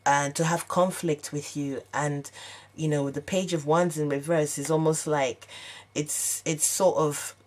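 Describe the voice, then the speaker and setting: A woman's voice: low voice, steady tone, measured pace, darkish tone. A woman giving an unscripted tarot reading, hesitant and searching, with many fillers and restarts. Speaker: tarot reader.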